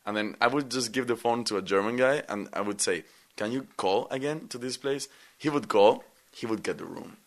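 Man, casual anecdote, animated, mid-pitch. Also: moderate pace. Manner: animated storyteller, acting out quoted lines. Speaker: interviewee.

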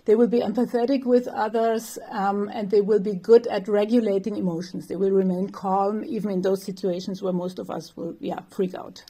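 A woman's voice: medium pitch, fairly even intonation, normal speed, few pauses, warm tone. A woman professor, answering interview questions thoughtfully, with light laughs and some fillers. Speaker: developmental psychology professor, guest.

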